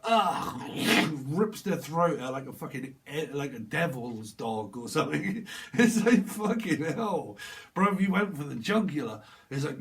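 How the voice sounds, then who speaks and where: A young man, reading tarot on camera. He acts out little scenes in voices that jump up and down, and he swears freely. His voice sits a little higher than most men's. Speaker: tarot reader.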